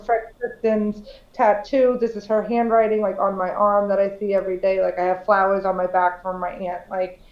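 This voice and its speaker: A woman's voice: mid-range voice, little pitch movement, normal speed, dull audio. Candid, casual woman in a roomy space. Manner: candid, swears freely, fillers like "like". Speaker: podcast co-host. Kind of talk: casual chat.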